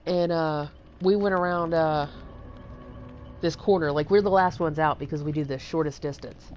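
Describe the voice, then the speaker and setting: A woman's voice: deep voice, moderate pace, a little mellow, a little hiss or hum. A young woman from Texas hosting a livestream, telling long rambling stories with lots of fillers and swearing. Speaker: livestream host. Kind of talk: casual storytelling chat.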